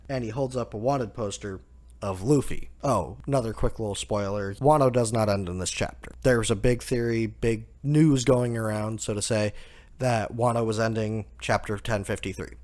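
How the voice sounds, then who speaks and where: A man hosting a casual chapter review, relaxed, laughing often and saying "like" a lot. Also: fairly low pitch, moderate pace. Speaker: manga review host.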